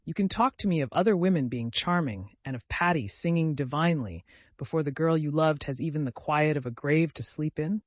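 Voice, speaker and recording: A man's voice: fairly high pitch, brisk, dry recording, natural voice. A man reading the part of a grave older male painter, earnest and pleading, in a dry recording. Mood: pained.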